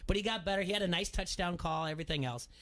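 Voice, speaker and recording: A man's voice: high voice, very fast. Storytelling male radio host. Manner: storytelling, animated when quoting. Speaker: radio sports talk host. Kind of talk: casual chat.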